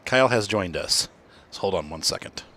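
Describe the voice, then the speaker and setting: A man's voice: low voice, animated, normal speed, bright, forceful tone, slight background noise. A tired man hosting a casual farming game playthrough, rambling and correcting himself as he talks. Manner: rambling, self-correcting, yawning. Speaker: gaming channel host.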